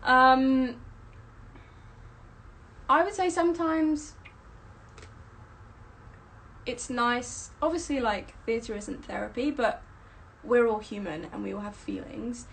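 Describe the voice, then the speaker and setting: A woman's voice: fairly high pitch, slow pace, creaky, a bit bright, slight background noise, low-quality recording. A young woman, a stage performer, rambling chattily with lots of fillers on a casual live stream.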